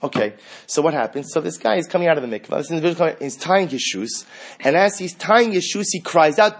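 Husky-voiced rabbi giving a sermon. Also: male voice, lively intonation, fast. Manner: reads Hebrew sources, then explains them in English; rises sharply in pitch and volume when acting out quotes. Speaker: rabbi teaching Torah.

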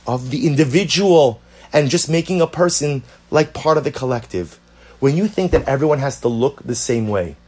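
A man's voice: medium pitch, darkish tone, slightly rough. A man teaching a Torah lecture, emphatic and repetitive, asking rhetorical questions. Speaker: rabbi.

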